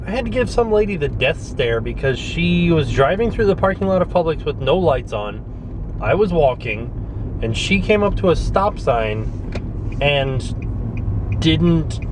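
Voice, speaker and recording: A man's voice: fairly high pitch, noisy background. A young man from Florida chatting casually to camera as a vlogger, jokey and rambling, going from his car to a grocery store parking lot. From Florida, United States. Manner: rambling, jokey, animated storytelling. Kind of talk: casual vlog chat.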